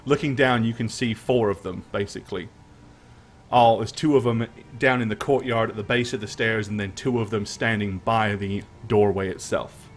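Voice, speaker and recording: A man running a tabletop game as game master, narrating scenes in a relaxed way and laughing often. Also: lowish voice, normal speed. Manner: relaxed, laughing often, thanks stream followers.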